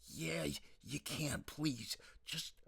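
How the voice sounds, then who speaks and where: A woman's voice: sits low, takes it slowly, gravelly, a bit bright, slightly rough, voice pushed up, heavily acted. A man voicing a young woman in a hospital bed, curt and sarcastic toward her mother. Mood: hostile.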